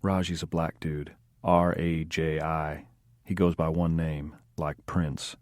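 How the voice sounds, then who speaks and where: A man's voice: rumbling low, little pitch movement, slow pace, no room sound, clean studio sound. A man reading the lines of a blunt young woman nightclub singer in an audiobook, matter-of-fact and cynical. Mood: wry. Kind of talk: audiobook dialogue.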